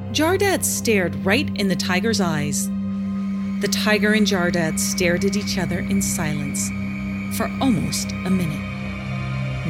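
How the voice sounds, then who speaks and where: A woman reads a children's story aloud in an expressive storytelling voice. She goes slowly and lets her pitch rise and fall widely. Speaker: narrator.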